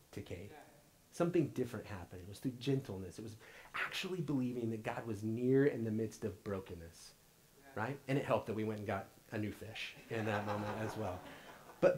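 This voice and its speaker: In a church sanctuary, a pastor in his thirties preaches a sermon and earnestly tells a family story, often repeating his opening words and swinging between loud and hushed. His voice is mid-range, and the recording quality is low.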